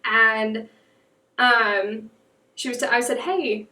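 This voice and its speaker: Young American woman guest, bright-toned, chatty storyteller, recorded off mic in a roomy space. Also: fairly high pitch, steady tone, slow pace, recorded from a distance. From United States. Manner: chatty, lots of "like" fillers. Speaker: podcast guest. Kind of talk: casual chat, storytelling. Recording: echoey room, off mic.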